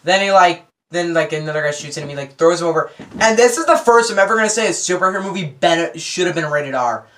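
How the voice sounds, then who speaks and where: Rambling, excitable movie reviewer guy. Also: on the high side, fast. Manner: rambling and excitable, many fillers and acted-out quotes. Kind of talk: casual spoiler review.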